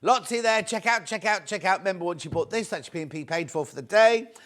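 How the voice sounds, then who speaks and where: A man presenting on a shopping channel, chatting warmly with viewers and urging them again and again to check out. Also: high voice, fast. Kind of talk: live TV selling chat.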